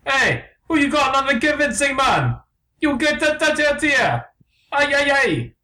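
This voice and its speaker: A man's voice: very high-pitched, sing-song, measured pace, roomy sound, far from the mic, pitched above the performer's own voice, exaggerated voice. Man putting on a rowdy Jamaican-accent bird. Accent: put-on Jamaican. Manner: exaggerated, shouting slang. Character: rowdy male street bird, bossy. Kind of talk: improvised comedy skit.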